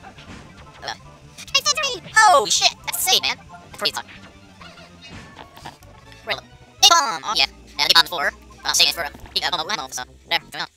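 A man's voice: high-pitched, huge pitch swings, moderate pace, pauses often, bright, forceful tone. A man giving goofy, rambling commentary over a game with a sped-up chipmunk effect, often singing made-up ditties. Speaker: let's play host. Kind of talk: casual gameplay commentary. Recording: game music behind. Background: game music.

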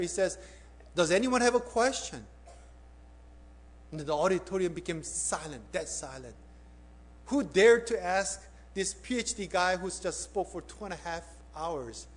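A high-pitched male pastor delivers a sermon built around a story, asking his listeners direct questions. His delivery swings from emphatic peaks to hushed appeals.

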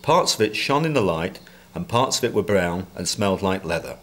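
Low-voiced man reading a story expressively. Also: animated, fairly quick, a bit bright. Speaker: reader. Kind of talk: storybook narration.

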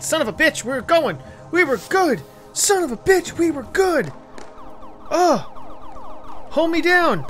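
A man commentates his gameplay in an excitable, cursing manner, jumping from shouts to grumbled asides. His pitch swoops widely while his pace stays unhurried. Game music plays clearly underneath. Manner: excitable, profane, swinging between shouts and mutters. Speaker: gaming video host.

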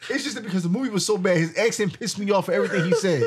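A man co-hosting a casual movie reaction, talking loud, laughing a lot and swearing as he acts out scenes. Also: high voice, racing, husky.

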